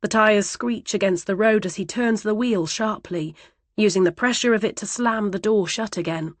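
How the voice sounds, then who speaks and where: A woman's voice: mid-range voice, normal speed, dry recording. Woman narrating a tense first-person thriller. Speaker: audiobook narrator.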